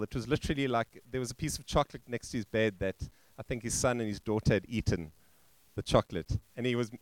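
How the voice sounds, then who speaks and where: A male pastor telling a story in a sermon, halting and restarting, and acting out the quoted voices. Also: mid-range voice, no echo. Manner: halting, with frequent restarts and fillers. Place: church.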